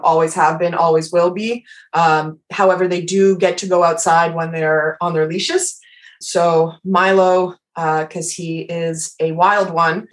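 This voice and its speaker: A woman telling a story in casual podcast chat. She swears freely, mocks herself and laughs through it. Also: lowish voice.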